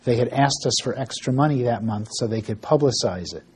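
Mellow-voiced man telling a ministry story. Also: medium pitch, brisk, breathy edge. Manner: storytelling with frequent fillers and restarts; acts out dialogue in quoted voices. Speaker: ministry worker giving an update. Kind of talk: informal spoken ministry report.

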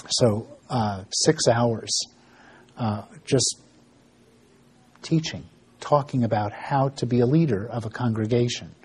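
Man, mellow husky voice, casual ministry storyteller, halting with fillers. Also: mid-range voice. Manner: storytelling with frequent fillers and restarts; acts out dialogue in quoted voices. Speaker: ministry worker giving an update. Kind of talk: informal spoken ministry report.

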